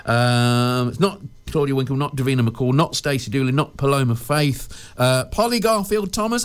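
A man's voice: mid-range voice, animated, moderate pace, hardly any pauses, clean tone. A British man presenting a casual radio show, chatting in a rambling way with lots of fillers and restarts.

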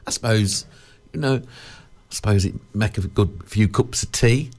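A man's voice: fairly low pitch, a little slow, darkish tone. A man hosting a radio show, rambling and digressing in jokey chatty patter. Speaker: radio presenter. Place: radio studio.

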